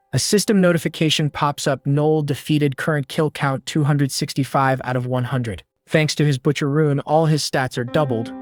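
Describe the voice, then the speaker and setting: Slangy male recap narrator over music. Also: on the high side. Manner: slangy, punchy quips. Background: faint background music.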